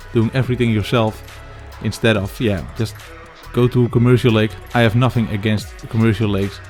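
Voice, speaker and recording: Earnest low-voiced angler talking to camera. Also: male voice, a little mellow. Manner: earnest, addresses viewers as "boys", slightly non-native phrasing. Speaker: angler and filmmaker. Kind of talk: reflective talk to camera.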